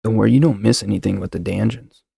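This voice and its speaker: A man's voice: fairly low pitch, fast talker, creaky, warm tone, husky, no echo, clean studio sound. A man hosting his own show, chatting casually into a desk mic, rambling and joking as he goes. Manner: rambling, joking, talks over himself. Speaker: show host. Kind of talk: casual solo podcast chat. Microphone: desk mic with noise suppressor.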